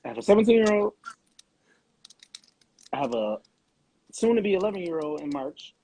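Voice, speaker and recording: A man's voice: sits high, very animated, moderate pace, dark tone, slightly rough, poor audio. A man in his thirties talking casually on a podcast, restarting his phrases as he speaks. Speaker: co-host. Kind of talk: casual chat.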